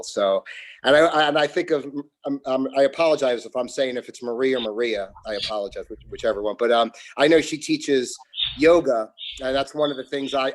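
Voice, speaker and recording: Rambling American man on a video call. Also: mid-range voice. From New Jersey, near Philadelphia. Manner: rambling, self-correcting, chuckles. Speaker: guest, yoga teacher. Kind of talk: casual chat on a video call.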